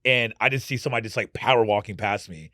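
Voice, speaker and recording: A man co-hosting a podcast, chatting casually with frequent quick replies and jokes. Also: lowish voice, sharp tone. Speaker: podcast co-host.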